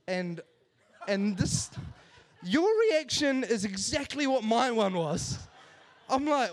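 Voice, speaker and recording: High-voiced animated comedian from Sri Lanka. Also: male voice, unhurried. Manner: animated, laughing through punchlines. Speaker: stand-up comedian. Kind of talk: stand-up comedy storytelling. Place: comedy stage with live audience.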